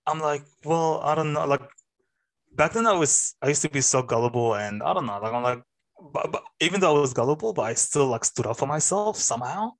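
A man's voice: medium pitch, lively intonation, fairly quick. A young man co-hosting a podcast, telling a story in casual chat, swearing freely and mimicking other people's voices. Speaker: podcast co-host.

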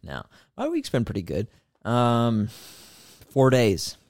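A young man co-hosting a podcast, teasing his friend with deadpan jokes in casual chat. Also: medium pitch, slow pace, no room sound, clean studio sound. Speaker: podcast co-host.

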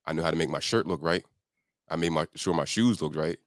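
A man's voice: brisk, no room sound, clean studio sound. A man, an accountability coach, talking on a podcast in an emphatic motivational way, acting out his inner voice. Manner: emphatic, acts out his inner voice in pitch jumps. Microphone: studio podcast microphone.

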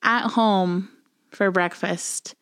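A woman's voice: medium pitch, fairly even intonation, very slow, a bit bright, clean tone, dry recording, studio quality. A woman co-hosting a podcast, telling a story in casual chat with lots of swearing, acting out the quoted voices. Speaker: podcast co-host.

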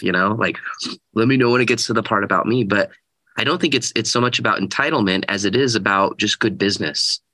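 A man in his thirties, a guest telling a personal story in an earnest, animated way and acting out the quotes. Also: fairly low pitch, no room sound, poor audio. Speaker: guest speaker. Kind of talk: storytelling in an interview.

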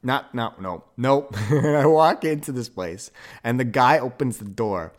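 A young man hosting a podcast, telling a rambling story with quick self-corrections and an upbeat, animated manner. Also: mid-range voice. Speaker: podcast host. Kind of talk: casual monologue.

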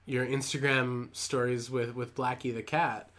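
A man's voice: medium pitch, flat delivery, measured pace, a bit bright. Rambling young man telling a story. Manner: rambling, self-deprecating, laughs often. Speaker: podcast co-host. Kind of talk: casual chat, storytelling.

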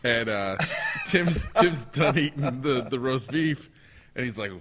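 A man's voice: mid-range voice, lively intonation, measured pace, in a large hall, music in the background. A man hosting a casual chat, laughing as he retells a favorite story. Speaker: podcast host.

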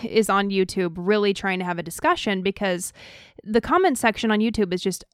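A woman's voice: mid-range voice, fairly quick, smooth, dry recording, clean studio sound. A woman co-hosting a casual podcast, giving plain, direct advice. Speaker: podcast co-host.

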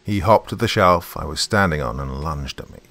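A man's voice: very deep voice, expressive, moderate pace, gravelly, a bit bright. A man narrating a horror story in the first person, in a tense, dramatic way.

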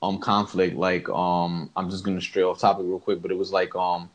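A man's voice: sits low, little pitch movement, moderate pace. A man co-hosting a podcast in casual chat, rambling and filling with "you know". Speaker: podcast co-host.

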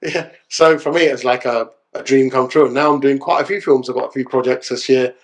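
A man's voice: medium pitch, steady tone, brisk. Guy on a podcast, chatty, keeps saying yeah? after everything. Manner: chatty storyteller, keeps tagging lines with "yeah?". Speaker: podcast guest, solicitor and actor. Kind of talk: casual podcast chat.

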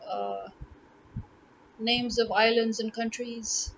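A woman's voice: a little high, flat delivery, takes it slowly, creaky, a little hiss or hum. Emphatic woman tutor, muffled recording. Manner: emphatic, repeats words to drive points home. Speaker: language tutor. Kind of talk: casual talk to camera.

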